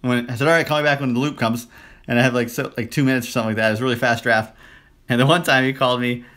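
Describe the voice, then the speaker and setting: A man's voice: medium pitch, very fast. A man co-hosting a podcast, telling rambling stories in casual chat and acting out quoted lines. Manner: rambling storyteller, quotes himself and others in animated bursts. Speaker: podcast co-host.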